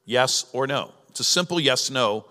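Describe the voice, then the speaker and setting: A man's voice: medium pitch, animated, moderate pace, sharp tone. A man preaching a sermon as pastor, teaching in a conversational way with emphatic rises. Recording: long reverb of a large hall.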